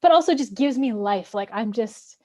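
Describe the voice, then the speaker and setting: A woman's voice: fairly high pitch, expressive, moderate pace, warm tone. A woman hosting a casual interview, enthusiastic and rambling with many fillers. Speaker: interview host. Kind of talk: casual video-call interview.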